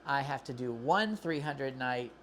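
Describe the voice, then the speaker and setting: Low-voiced, exasperated woman reviewer. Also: expressive, a little slow, a little hiss or hum. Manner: exasperated, rambling complaints with many restarts. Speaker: credit card reviewer. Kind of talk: casual review vlog.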